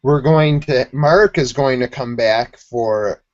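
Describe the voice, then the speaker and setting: A man's voice: medium pitch, slow, dry recording, lo-fi sound. Rambling man on a sports podcast. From Buffalo, New York. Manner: rambling, animated storytelling with quoted voices. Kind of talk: casual sports chat.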